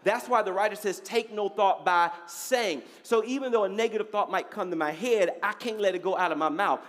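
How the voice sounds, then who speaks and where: A man's voice: high voice, fairly quick, a bit bright, long reverb tail. A male pastor, preaching a sermon with call-and-response, repeating phrases and often asking "you got it?". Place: church sanctuary.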